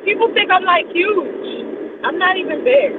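A woman's voice: very high voice, animated. Giggly woman on a tinny phone line. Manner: bubbly, giggly, quick to laugh. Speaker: guest. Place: in a car driving. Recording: distant tinny phone line with road noise.

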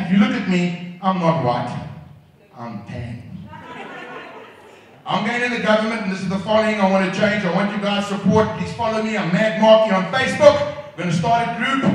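Brash south african comedian in his fifties, fairly high voice, echoey club heard from far off. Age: 50s. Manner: brash, profane ranting. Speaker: stand-up comedian. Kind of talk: stand-up set.

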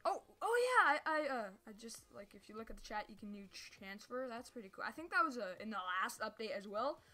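A woman's voice: on the high side, brisk. A woman giving casual live gameplay commentary who rambles, gets sidetracked, stumbles over her words and breaks into sudden yelps. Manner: sudden excited yelps and squeals. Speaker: gameplay streamer.

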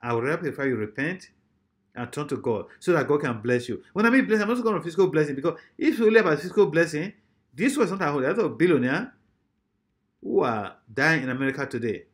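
A man preaching a sermon emphatically, often repeating his phrases and swinging between loud and soft. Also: on the high side, expressive, fast.

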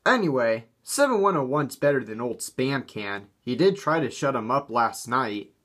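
A man's voice: mid-range voice, big pitch swings, normal speed, fairly bright tone. A man voicing a male steam engine in a storybook reading, grumbling and self-pitying yet plucky. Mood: spirited. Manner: grumbling but spirited. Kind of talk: storybook character voice.

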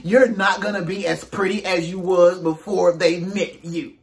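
A man's voice: high-pitched, flat delivery, unhurried, few pauses. A man hosting his own video, giving a casual, slangy motivational monologue with emphatic rhetorical questions. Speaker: self-help video host.

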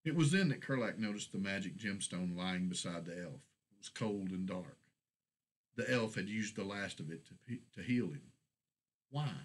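A man reading his own fantasy short story aloud in a steady, measured storybook narration. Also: low voice, breathy edge, poor audio.

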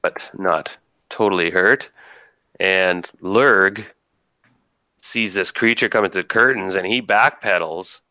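Deep bright-voiced man running a game. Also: slow pace, dry recording. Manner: casual, thinking aloud while rolling dice. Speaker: game master. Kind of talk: running a tabletop game, narrating combat.

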